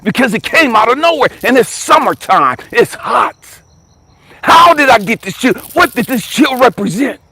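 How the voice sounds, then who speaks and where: A man, a life coach, telling a personal story dramatically, jumping from excited high bursts to hushed, whispery lows and urging listeners to stay with him. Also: moderate pace, creaky, breathy edge, no room sound. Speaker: life coach and motivational speaker.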